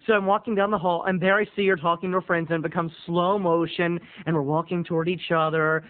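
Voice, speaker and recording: A man telling a comic personal story to viewers in an animated way, addressing them directly. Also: high-pitched, quick pace, hardly any pauses. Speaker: video blogger. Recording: tinny phone-like audio.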